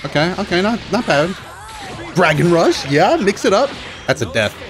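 A man with a slightly raised voice talks through his own fighting-game matches, groaning at his mistakes and cheering his comebacks. Loud game music plays behind him the whole time. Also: high-pitched, normal speed. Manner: excitable, groaning and self-mocking as he plays. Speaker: gaming channel host. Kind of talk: live gameplay commentary. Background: game music and sound effects.

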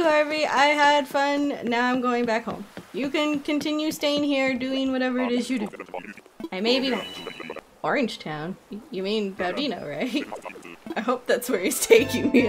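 A woman streaming a video game, chatting casually, giggly and excitable, squealing when something delights her. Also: high-pitched. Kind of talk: casual gameplay commentary.

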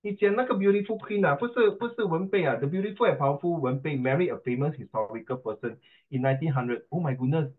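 Joking Singaporean tutor on a tinny line. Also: male voice, a little high, fast. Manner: playful, joking, rhyming wordplay. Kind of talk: online class lecture.

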